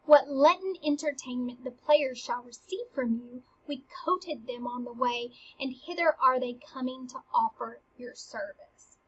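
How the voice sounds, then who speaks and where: Woman doing a chill eager young courtier guy, high-ish husky voice, dull lo-fi sound. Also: measured pace, few pauses, fairly bright tone, exaggerated voice. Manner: reads old verse, then restates it casually.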